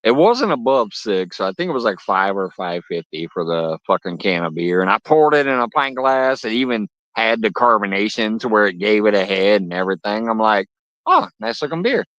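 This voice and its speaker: This fishing streamer talks fast and lively, with a fairly low, fairly bright voice and hardly a pause, and there's no room sound. He's out at a lake, laughing, cursing freely and spinning stories in casual live chat with his viewers. The recording has a dull, lo-fi quality.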